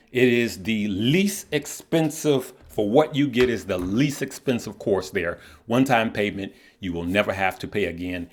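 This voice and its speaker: A man hosting an investing course channel, talking in a blunt, opinionated casual monologue and telling stories with jokes. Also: on the low side. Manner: blunt, opinionated, joking storyteller.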